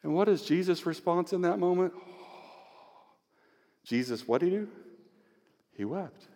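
A male pastor preaching an Easter sermon with scripture reading, emotional and swinging from hushed tones to near-shouting. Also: high voice, animated, measured pace. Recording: long hall reverb.

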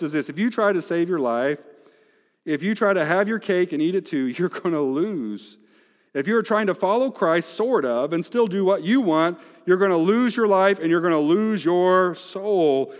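A fairly high-pitched male pastor preaches in a big church hall, and his words trail off into a long reverb. He swings from loud, emphatic exhortation to quiet, almost whispered asides. The sound is that of a live sermon in a large sanctuary.

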